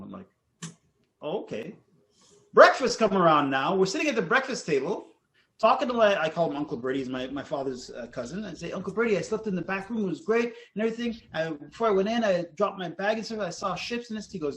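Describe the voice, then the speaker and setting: Male podcast co-host, lively storyteller, slightly higher pitch, does the voices in his quotes. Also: brisk. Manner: animated, acts out quotes, laughs often. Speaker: podcast co-host telling ghost stories. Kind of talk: casual storytelling chat.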